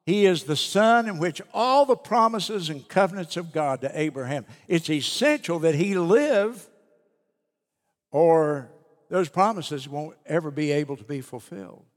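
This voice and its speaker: A pastor delivers an emphatic sermon in a slightly high male voice, repeating key lines slowly and letting them fall soft. The sanctuary gives his words a long, ringing reverb. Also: lively intonation. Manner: emphatic preaching, slowing and dropping soft on key phrases. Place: church sanctuary. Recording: long reverb of a church hall.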